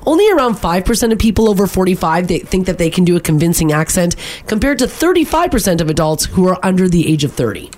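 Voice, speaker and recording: A woman co-hosting a radio show in casual chat, reading out stories and listener texts in a brisk, teasing way. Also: fairly low pitch, very animated, a little mellow. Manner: brisk, teasing, reads out news items.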